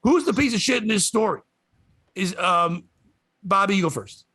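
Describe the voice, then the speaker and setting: A comedian telling a story on a podcast, swearing a lot and ranting with animated energy. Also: male voice, high-pitched, moderate pace, husky, no room sound. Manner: profane, animated rant.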